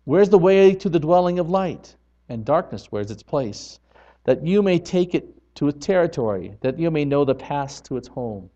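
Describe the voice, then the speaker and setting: A man preaching a sermon earnestly, building from quiet moments to loud emphatic passages. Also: on the high side, expressive, moderate pace, dull audio. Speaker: pastor.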